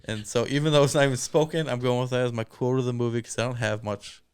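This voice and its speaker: A man's voice: mid-range voice, fairly even intonation, fast, smooth, no echo, clean studio sound. Laughing Michigan man recapping a movie. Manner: laughs often, retells scenes loosely. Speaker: podcast co-host. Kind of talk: casual movie chat.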